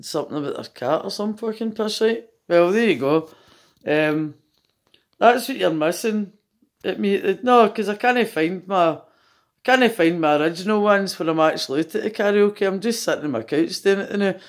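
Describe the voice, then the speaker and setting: A woman's voice: mid-range voice, normal speed. A Scottish woman singing karaoke on her couch at home and chatting bluntly between verses, swearing and mocking herself. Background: karaoke backing music.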